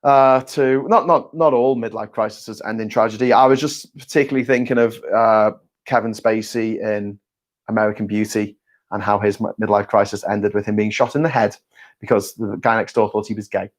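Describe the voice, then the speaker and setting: A man's voice: on the low side, steady tone, moderate pace. A man talking casually on his own about news and politics, jokey and rambling, with self-mocking asides, frequent restarts and the odd swear word. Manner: frequent restarts and stammered repeats. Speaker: vlogger.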